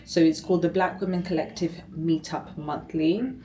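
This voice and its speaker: A woman's voice: low-pitched, fairly even intonation, moderate pace, warm tone, poor audio. A woman chatting casually to her vlog camera, rambling through asides and laughing easily. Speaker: vlogger.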